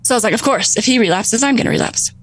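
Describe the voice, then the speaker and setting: A woman in her thirties telling her own recovery story on a talk show, animated, laughing often and acting out her past thoughts. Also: a little high, rapid-fire, low-quality recording. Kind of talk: emotional personal storytelling.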